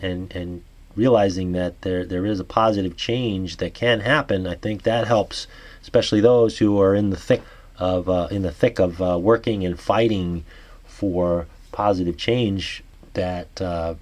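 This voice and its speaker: A man with a New York accent reads a news article aloud, then muses about it in a halting way, full of restarts and fillers. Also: sits low. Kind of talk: reading articles and musing aloud.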